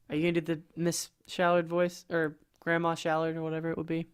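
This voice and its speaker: A man's voice: fairly high pitch, monotone, quick pace, hardly any pauses, smooth. A man hosting a casual podcast and narrating an improvised story, rambling and correcting himself as he goes. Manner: rambling, self-correcting, easily flustered. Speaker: podcast host and game master.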